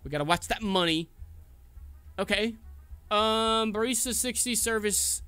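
A man hosting a casual let's-play, chatting in an excitable, jokey way while he plays. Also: high-pitched, unhurried, clean tone, faint music behind. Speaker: gaming channel host.

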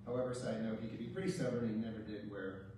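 A man's voice: on the low side, steady tone, very fast, noisy background. A man delivers a eulogy in a church, spinning wry, humorous anecdotes about his late father with little chuckles. He sounds set back from the microphone, and his voice rings through a very reverberant hall. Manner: wry storytelling with light chuckles. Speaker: son giving a eulogy. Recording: very echoey church, distant mic.

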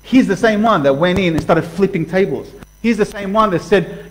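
A man preaching a sermon passionately, swinging from loud outbursts to hushed lines and acting out voices. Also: high-pitched, moderate pace, slight background noise, rough recording. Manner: acts out voices for illustration. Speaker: pastor.

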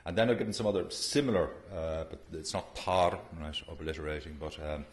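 Male academic lecturer, very low voice, halting and filler-heavy, echoey room. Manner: halting, many fillers and restarts. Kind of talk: conference lecture.

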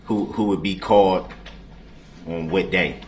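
A man addresses the court as his own defense, his voice very low and deep. He speaks haltingly, restarting his sentences as he searches for words. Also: steady tone, a crowd in the background. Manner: halting, hesitant. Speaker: defendant representing himself. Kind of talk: courtroom argument.

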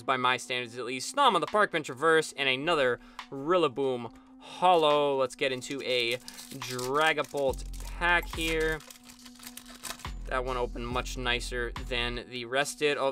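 A young man talks his viewers through a card pack opening, listing each card in turn and getting loud and excited over the good ones. His voice sits fairly high for a man and has a bright, forceful edge. Soft music plays underneath. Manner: excitable, rattles off card names, bursts of cheering at good pulls. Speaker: channel host opening trading card packs. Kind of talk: casual pack-opening commentary.

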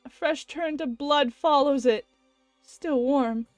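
A woman's voice: high-pitched, measured pace, no room sound, soft background music. A woman voicing a guilt-stricken young male scientist, narrating with anguish as she reads a visual novel aloud. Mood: shattered. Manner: anguished first-person narration.

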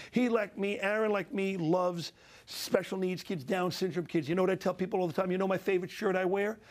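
A middle-aged man telling emotional stories with passion and a preacher's repetition. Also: high-pitched. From Italian-American. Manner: passionate, preacherly, repeats phrases for emphasis. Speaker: guest speaker. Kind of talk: emotional storytelling.

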